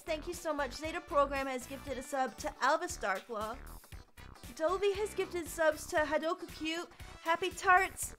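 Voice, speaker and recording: Very high-voiced woman streamer. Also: bright, forceful tone. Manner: reads out long lists of supporter names, with dramatic outbursts. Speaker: VTuber streamer. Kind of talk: live game stream chat.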